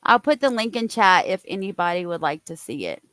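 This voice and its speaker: A woman's voice: fairly low pitch, expressive, fairly quick, fairly bright tone, no room sound. A woman chatting casually on a live stream, reacting aloud and laughing.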